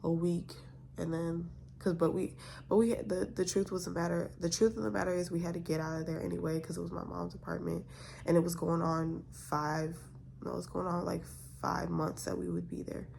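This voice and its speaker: A woman's voice: lowish voice, level tone, normal speed, vocal fry, darkish tone, slight background noise. A young woman vlogger telling a story in a casual, exasperated way, full of rhetorical questions.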